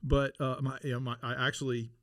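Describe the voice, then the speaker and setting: A middle-aged man telling stories in a casual interview, animated and laughing, with many restarts. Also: medium pitch, fairly quick, no room sound, studio quality. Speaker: podcast guest, former Navy SEAL.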